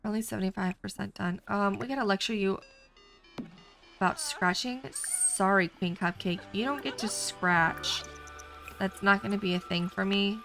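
A woman's voice: mid-range voice, moderate pace, gravelly, a bit bright, soft background music. A woman hosting a casual let's play, chatty, jokey and exclamatory as she comments on her game. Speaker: gaming channel host.

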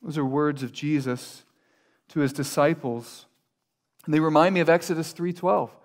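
A male pastor preaching a sermon, earnest, building through repeated phrases and then dropping to quiet, intimate lines. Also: fairly high pitch, moderate pace. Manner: earnest, building repetition with sudden quiet drops.

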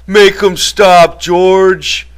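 A man reading an audiobook and voicing a huge, childlike, frightened ranch hand who pleads in a high, whimpering voice. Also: little pitch movement, extremely slow, clear, resonant tone. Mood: terrified pleading.

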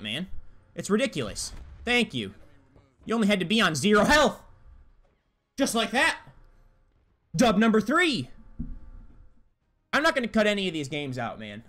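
A man's voice: high voice, big pitch swings, normal speed, long pauses, bright, forceful tone. A young man giving live gameplay commentary, trash-talking opponents in a hyped, slangy way. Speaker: gaming YouTuber.

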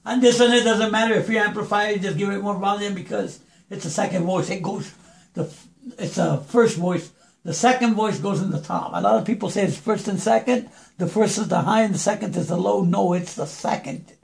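A hoarse man with a fairly high, gravelly voice chats through a home-studio lesson on stacking and mixing vocals. He talks loosely and keeps calling the listener brother. The room around him sounds echoey. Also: brisk. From New Mexico. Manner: chatty, calls listener brother. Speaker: music producer teaching vocal recording. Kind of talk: casual home-studio tutorial.

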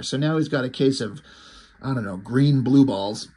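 A man casually recapping a comic book, excited, loose and a bit profane. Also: mid-range voice, moderate pace, slightly rough.

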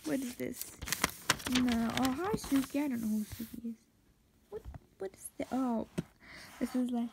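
A woman's voice: sits high, expressive, moderate pace, vocal fry, dark tone, a little hiss or hum, poor audio. A young woman vlogger in casual commentary, exclaiming and dropping into whispered asides.

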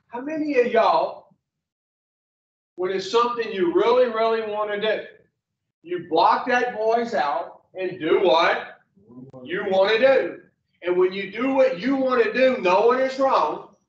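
Blunt, slow man preaching to a room. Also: high-pitched. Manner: blunt and preachy, asks the room questions, swears. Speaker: speaker addressing rehab patients. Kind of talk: motivational talk to a group. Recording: echoey, distant, dull lo-fi sound.

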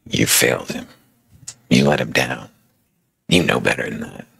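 A man voicing a sneering inner spirit that taunts and accuses in a low, hissing, relentless way. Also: measured pace, vocal fry, a bit bright, slightly rough, full character voice. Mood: accusing.

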